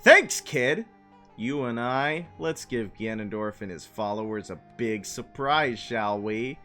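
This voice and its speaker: A bold young female thief from a game asks a kid for a favor in a sly, coaxing way, as a man reads her lines aloud. The reading swings widely in pitch, and she sounds a little pleased with her own scheme. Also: lively intonation, slow, pushed and bright, faint music behind.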